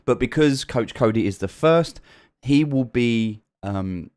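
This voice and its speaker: A man's voice: mid-range voice, animated, takes it slowly, a little mellow. A man with a British accent hosting a live stream, chatting casually and greeting viewers one by one by name. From United Kingdom. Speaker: stream host.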